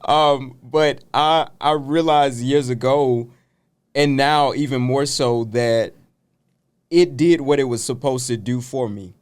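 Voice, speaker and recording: A man's voice: medium pitch, slow, smooth. Earnest motivational man, business coach. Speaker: pastor. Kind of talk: casual interview.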